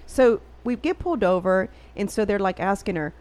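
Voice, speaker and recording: A woman telling a story in casual chat, animated and profane, acting out the people she quotes. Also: mid-range voice, moderate pace.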